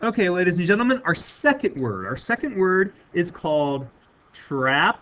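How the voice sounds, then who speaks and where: A man's voice: sits high, sing-song, a little fast, a bit bright. A man teaching a recorded math lesson, stressing and repeating key words for his students.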